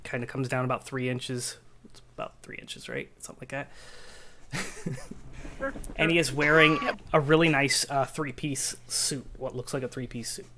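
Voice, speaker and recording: A man narrating a tabletop game as game master, describing scenes in a halting way with many fillers. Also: mid-range voice, sing-song, sharp tone, slight background noise.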